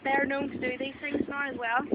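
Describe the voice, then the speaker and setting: A woman's voice: high-pitched, little pitch movement, brisk. A Northern Irish woman playing a mock expert, rambling playfully and tagging "right?" onto her points. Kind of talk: improvised mock documentary. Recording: dull lo-fi camera audio with loud background noise.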